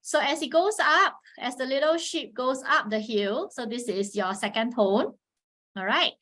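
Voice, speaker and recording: Woman presenter, a bit high-pitched, patient teacher's delivery for an online class. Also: measured pace. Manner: patient teacherly explaining, frequent "all right" check-ins; models Mandarin tones with sharp pitch swings. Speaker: webinar presenter on teaching Chinese. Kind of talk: instructional webinar talk.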